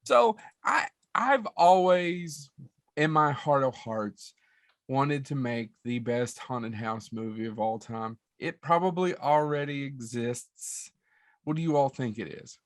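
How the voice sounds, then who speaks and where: A man's voice: mid-range voice, takes it slowly, no room sound, clean studio sound. A man co-hosting a podcast, chatting casually and joking loosely. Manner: joking, lively, swearing. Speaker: podcast co-host. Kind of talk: casual chat.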